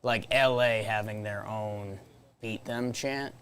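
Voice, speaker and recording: Slow easygoing male co-host. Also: on the low side, fairly even intonation, a bit bright, slight background noise. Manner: easygoing, laughs often. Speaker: podcast co-host. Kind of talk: casual chat watching a game.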